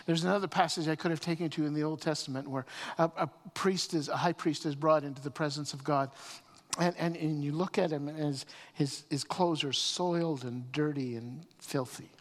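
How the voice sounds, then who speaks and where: A man preaching a sermon as pastor, often repeating words as he starts phrases and swinging between loud emphasis and quiet. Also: fairly high pitch, steady tone, normal speed. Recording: long reverb of a hall.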